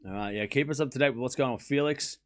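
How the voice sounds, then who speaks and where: A man hosting a live tennis watchalong stream, calling each rally shot by shot and chatting with his viewers in an excitable way. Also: medium pitch, very fast, slight background noise. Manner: excitable, calls rallies shot by shot and talks to chat. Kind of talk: live play-by-play commentary and chat.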